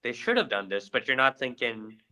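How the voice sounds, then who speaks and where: A young man co-hosting a podcast, recounting events with lively energy. His voice is bright and forceful. He tells the story casually and animated. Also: mid-range voice, a little fast, slight background noise, low-quality recording. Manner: animated retelling with acted-out quotes. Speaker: podcast co-host.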